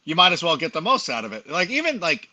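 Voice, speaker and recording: Middle-aged man, raised pitch, very bright, rambling casual storyteller. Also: wildly swooping pitch, fast. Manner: rambling, self-deprecating storyteller with many fillers. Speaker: podcast guest, fantasy football analyst. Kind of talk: casual chat.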